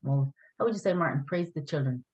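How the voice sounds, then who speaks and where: Patient woman teaching, low voice. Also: fast talker, darkish tone, muffled recording. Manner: patient, encouraging, spells words letter by letter. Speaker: Irish language teacher. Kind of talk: online language lesson.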